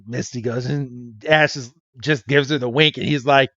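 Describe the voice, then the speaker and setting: A man's voice: mid-range voice, fairly even intonation, moderate pace, few pauses, bright, forceful tone, no echo, dull audio. A man co-hosting a podcast, casually recapping a cartoon episode, laughing often and acting out the characters' lines. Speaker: podcast co-host.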